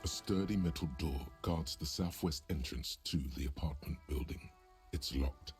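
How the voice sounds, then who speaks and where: A man giving measured, scripted narration as the voice of a video game. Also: a bass voice, soft background music.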